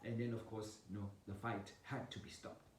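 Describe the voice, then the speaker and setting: Man telling a family story in an echoey room. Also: normal speed. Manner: animated, laughs while telling, acts out scenes with sound effects. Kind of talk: casual personal storytelling. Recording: roomy echo, distant mic, low rumble.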